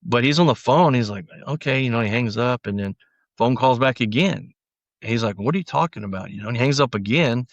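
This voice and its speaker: A man's voice: medium pitch, fairly quick, no echo. A middle-aged man, a former sheriff's deputy, recounting his story in an interview, with frequent restarts and quoted lines acted out. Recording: dry, slightly dull audio.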